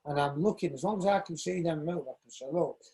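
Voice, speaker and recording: A man in his sixties speaks with a husky, gravelly voice that sits a little high. He tells animated stories in a casual interview and acts out other people's lines as he goes. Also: quick pace, rough recording. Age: 60s. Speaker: shoemaker and dance coach.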